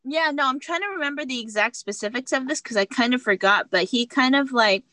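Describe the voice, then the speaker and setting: American woman, podcast guest, bright voice, slightly high, candid storyteller. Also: fairly quick. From United States. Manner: candid, laughing, acts out dialogue. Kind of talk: casual storytelling.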